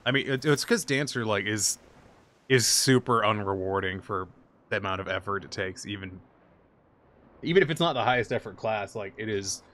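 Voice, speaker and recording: A man's voice: fairly low pitch, expressive, moderate pace, a bit bright. A man streaming an online game, chatting casually with friends, joking and swearing freely. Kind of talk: casual gaming chat over voice call. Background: music.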